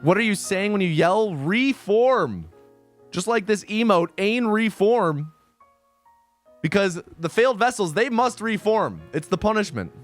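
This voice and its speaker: A man's voice: high-pitched, lively intonation, moderate pace, soft background music. A male streamer in casual livestream chat, rambling and insistent, repeating himself as he makes his points.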